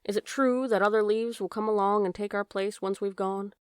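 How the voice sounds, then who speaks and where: A woman voicing a gentle male autumn leaf who speaks tenderly and reassuringly. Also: medium pitch, steady tone, brisk, clean tone, no room sound, clean studio sound, lightly acted.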